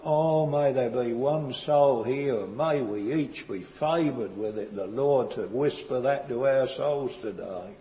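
A man preaches slowly and earnestly, his mellow, warm voice pausing and circling back over his words. His sermon rings with a long reverb, as in a large church hall. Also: mid-range voice. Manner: slow, earnest, tender preaching with hesitant restarts.

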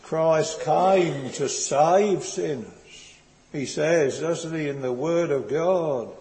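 Slow, mellow-voiced man preaching in a reverberant church. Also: on the high side. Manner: slow, earnest, tender preaching with hesitant restarts. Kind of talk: sermon. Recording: long hall reverb.

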